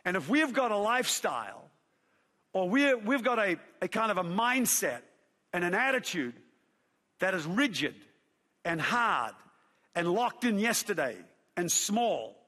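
A middle-aged man, a pastor telling a lively story in a sermon, acting out his own shouts and quotes. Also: high-pitched, a little slow. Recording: long hall reverb.

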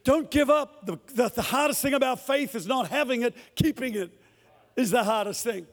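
Male preacher, fervent sermon delivery, acts out quotes; very high-pitched, long hall reverb. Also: normal speed. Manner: impassioned, acts out the lines he quotes. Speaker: pastor. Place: church hall with a congregation.

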